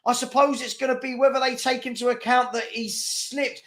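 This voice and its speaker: A man hosting a live football watchalong, commentating excitably and exasperatedly and often laughing. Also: very high voice, moderate pace, hardly any pauses. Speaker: fan channel host.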